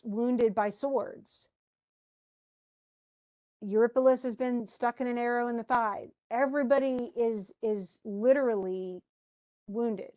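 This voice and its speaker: Animated woman chatting about a book. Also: on the high side. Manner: animated, conversational. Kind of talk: casual book discussion.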